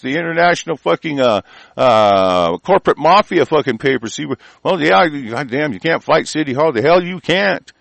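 Enraged profane male ranter, slightly high voice, stammering, dry close recording. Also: no echo, rough recording. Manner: shouting, cursing, stammering repetitions. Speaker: ranting commentator. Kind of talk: profane angry rant.

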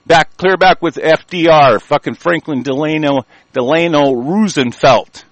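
An older American man giving a profane, angry monologue, reading news aloud and commenting, swinging from low mutters to shouting. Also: unhurried, no room sound, rough recording. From United States.

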